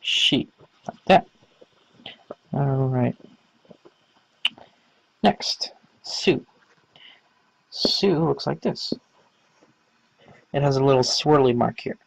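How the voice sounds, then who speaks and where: Gravelly-voiced man casually teaching. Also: mid-range voice, slow, pauses often, dry recording, poor audio. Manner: casual, rambling explanations with many fillers. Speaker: language teacher. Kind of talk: casual instructional talk.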